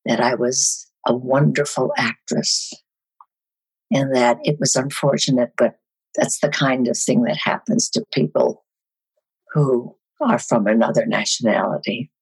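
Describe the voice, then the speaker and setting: An older woman, a guest actress, telling animated stories on a podcast with a husky voice. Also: rumbling low, unhurried, rough recording. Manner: animated storyteller. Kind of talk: podcast storytelling.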